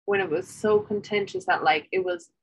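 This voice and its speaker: A woman's voice: lowish voice, moderate pace, breathy edge, low-quality recording. Chatty Irish woman saying "like" a lot. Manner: chatty, lots of "like", swears casually. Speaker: podcast co-host. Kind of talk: casual podcast chat.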